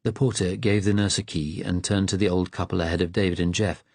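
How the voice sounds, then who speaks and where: A man narrates an audiobook in steady, measured tones, his voice low and husky. He reads close to a studio mic in a dry, dead space. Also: no room sound. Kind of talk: scripted narration.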